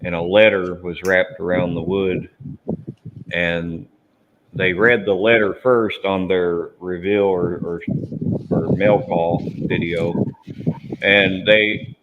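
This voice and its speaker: A man with a very low voice chats casually on a live hobby stream, telling joking prank stories while he carves foam. The sound is a little dull, and a faint hiss sits underneath. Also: steady tone, slow pace. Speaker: hobby channel host. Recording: slightly muffled, faint background hiss.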